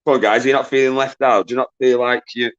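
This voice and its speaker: A man's voice: medium pitch, little pitch movement, fast, dull audio. Male quiz host on a live stream, casual and jokey, swears a lot, greets viewers by name.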